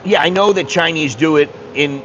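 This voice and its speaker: An American man talks in a casual vlog, telling stories in a blunt, animated way and swearing freely. His voice sits a little high for a man. A faint hiss of background noise runs under it. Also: moderate pace, low-quality recording. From United States. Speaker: vlogger. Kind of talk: casual vlog chat, reading viewer comments.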